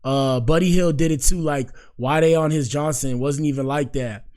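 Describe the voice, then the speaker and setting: A man's voice: a little high, normal speed. A young man hosting a casual live-stream show, talking in loose slang and reacting aloud to clips and his screen. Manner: slangy, animated, talks back to the screen. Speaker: show host.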